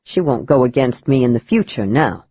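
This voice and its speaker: A woman voicing a cruel, coldly menacing middle-aged man in an audiobook, speaking calmly. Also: very deep voice, normal speed, slightly rough, dry recording, dull audio, voice pushed down, exaggerated voice. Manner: calm, chilling menace.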